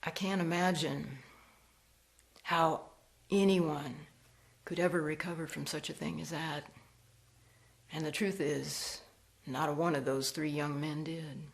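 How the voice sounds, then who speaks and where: A woman storyteller performing a ghost story, slow and hushed, dropping to whispers. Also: low voice, fairly even intonation, gravelly.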